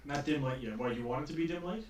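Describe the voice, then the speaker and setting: A man's voice: on the high side, fast, slight background noise. A man running a tabletop game as dungeon master, rambling with many restarts and frequent laughter. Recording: echoey room, distant mic.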